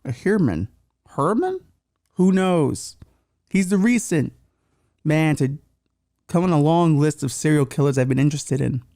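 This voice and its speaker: A male podcast host with a gravelly, fry-laden voice pitched a little high. He rants sarcastically and deadpan, mixing crude jokes into his monologue. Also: moderate pace, dry recording, studio quality. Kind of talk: comedic monologue.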